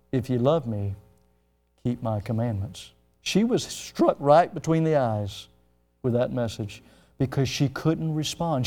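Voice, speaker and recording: A pastor preaching a sermon, building to loud, emphatic questions and dropping low when he retells a story.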